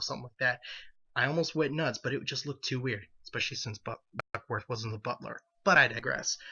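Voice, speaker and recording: A man talks through his opinions in a loose, rambling way, stopping to restart his sentences. His voice sounds bright and forward. The recording is dull and lo-fi. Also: medium pitch. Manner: rambling, animated, self-correcting. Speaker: video commentator. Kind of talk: casual opinion commentary.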